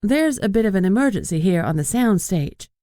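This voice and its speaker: A man's voice: high voice, big pitch swings, a little fast, warm tone, clean tone, no echo, studio quality, voice pushed up. A man voicing a poised young Southern belle. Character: confident young Southern woman publicist.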